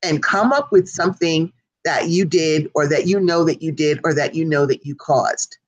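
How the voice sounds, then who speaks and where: A woman's voice: sits low, moderate pace, no room sound, rough recording. A woman co-hosting a casual live talk show, speaking earnestly and directly to her audience. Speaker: co-host. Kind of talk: casual chat.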